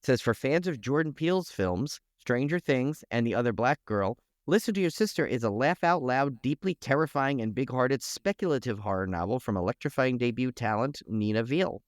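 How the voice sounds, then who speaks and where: A man's voice: medium pitch, expressive, normal speed, hardly any pauses, dry recording, studio quality. A man co-hosting a horror podcast, talking in a jokey, rambling way full of "like" and "uh". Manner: jokey, rambling, uses lots of "like" and "uh". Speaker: podcast co-host. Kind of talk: casual podcast chat.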